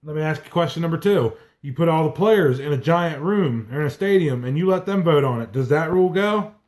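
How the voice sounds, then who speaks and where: A man's voice: on the high side, expressive, fairly quick, darkish tone. Ranting, cursing sports podcast guy. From South Carolina. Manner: heated, ranting, heavy swearing. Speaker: podcast co-host. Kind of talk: profane sports rant.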